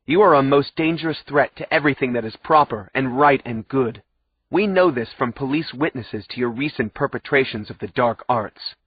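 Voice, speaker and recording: A man doing a sanctimonious, tyrannical old judge for an audiobook, who roars his verdicts with self-righteous contempt. The voice sits at a middling pitch with a husky edge, and the sound is dry and a little muffled. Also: moderate pace, natural voice. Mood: condemning. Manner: bellowing, sanctimonious, condemning. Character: fanatical pompous older male judge. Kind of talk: audiobook character voice.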